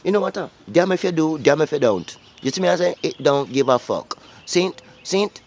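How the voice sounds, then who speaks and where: A man's voice: fairly high pitch, lively intonation, moderate pace, gravelly. A Jamaican man delivers a preachy monologue straight to his audience. He swears heavily and keeps throwing questions back at the listener. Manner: preachy, profane, repeats questions like "Eh?". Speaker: vlogger. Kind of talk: ranting monologue to viewers.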